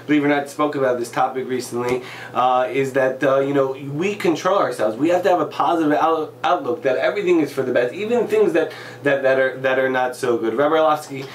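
A man hosting an interview, enthusiastic and quick to repeat his praise. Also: mid-range voice, a little hiss or hum. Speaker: interviewer, host. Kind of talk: interview chat. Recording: echoey room.

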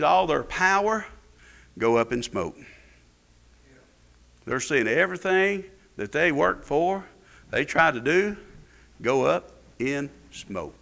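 A male pastor, preaching a fervent sermon that swings between loud peaks and low asides. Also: vocal fry.

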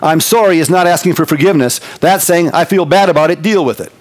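Male pastor, slightly higher voice, folksy, lively sermon delivery. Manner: animated, folksy, shifts between loud bursts and slow quiet emphasis.

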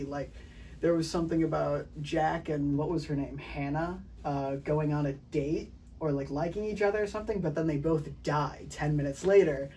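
Mellow-voiced young man reviewing films. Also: on the high side, recorded from a distance. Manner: animated, hesitant, acts out characters' lines. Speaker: film review show host. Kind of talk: casual movie review chat.

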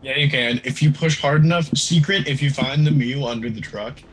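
A man's voice: mid-range voice, moderate pace, fairly bright tone. A young man joking around in casual commentary on a game playthrough, goofy and playful. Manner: goofy, joking, puts on silly voices. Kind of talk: casual gaming chat. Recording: noisy amateur voice chat.

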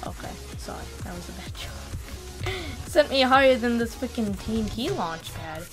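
Excitable young woman screaming at a game. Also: on the high side, normal speed, over music. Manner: excitable, shrieks and repeats words when things go wrong. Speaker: gaming channel host. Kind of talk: casual gameplay commentary.

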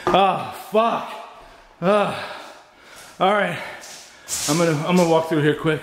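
A man's voice: on the high side, slow pace, long pauses, a little hiss or hum. A man filming a ghost-hunting vlog alone inside an abandoned house, nervous and jumpy, swearing often. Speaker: paranormal investigator vlogger.

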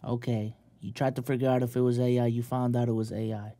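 A man's voice: medium pitch, flat delivery, fast, mellow, dry recording. A man reacting to a video in casual streamer commentary, blunt and profane, joking with his audience.

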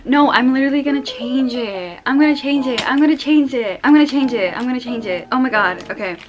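A woman's voice: sits high, fairly quick, highs cut off. A young woman filming an unboxing vlog at home, gushing, squealing and tearful, repeating herself breathlessly. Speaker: vlogger. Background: background music.

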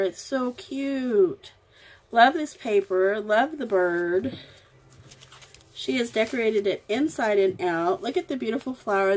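A woman vlogger, gushing affectionately as she opens crafting mail at home. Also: a little high. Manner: gushing, affectionate, slow and drawn-out. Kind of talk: casual unboxing chat.

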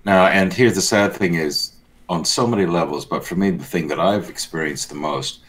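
A man's voice: low-pitched, moderate pace, a bit bright. A man co-hosting a church news show, giving blunt, sardonic commentary in casual banter.

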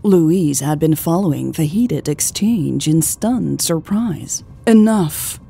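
Slow, gravelly woman narrator. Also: deep voice, lively intonation, warm tone. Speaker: audiobook narrator. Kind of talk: scripted narration.

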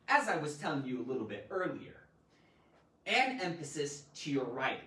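A woman teaching a live online grammar lesson, animated and theatrical, with loud exclamations. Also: on the low side, echoey room, distant mic, rough recording.

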